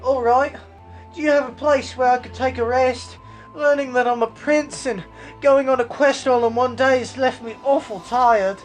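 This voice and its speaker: A woman's voice: high voice, steady tone, moderate pace, faint music behind, natural voice. A woman voicing a timid, whiny young boy who is a prince.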